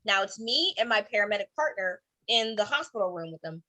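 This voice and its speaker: A woman doing a brash, profane stand-up set over a video call, telling a story with deadpan asides. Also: mid-range voice, fairly quick. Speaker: stand-up comedian.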